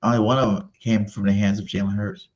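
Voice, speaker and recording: A man's voice: lowish voice, level tone, quick pace, muffled recording. A man co-hosting a casual sports debate, boasting about his team and insisting on it over and over. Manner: boastful, insistent fan banter. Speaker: sports podcast co-host.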